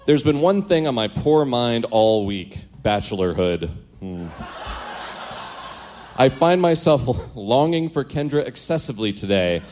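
A man's voice: mid-range voice, a little mellow, slight background noise. A man reading aloud from an old diary, dry in delivery and breaking in with amused, self-mocking asides.

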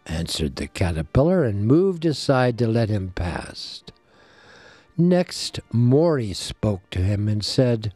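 A man telling a folk tale in storybook narration, animated and voicing the characters. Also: fairly low pitch, takes it slowly, dry recording, soft background music. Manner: animated, voices the characters, asides to a listener.

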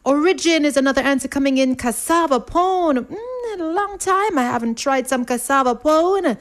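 A woman's voice: sits high, expressive, moderate pace. A woman hosting a radio quiz, reading listeners' answers in a playful, rhyming patter.

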